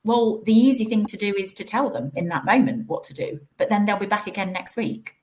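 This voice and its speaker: A woman speaking as a guest on a live panel, animated and acting out the people she quotes. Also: medium pitch, fairly quick.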